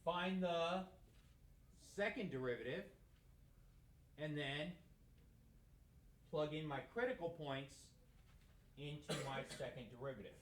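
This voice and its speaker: A man's voice: a little high, takes it slowly, pauses often, slight background noise. Man teaching, echoey classroom. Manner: conversational, asks questions and answers them himself. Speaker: math teacher. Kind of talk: classroom lecture. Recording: echoey room.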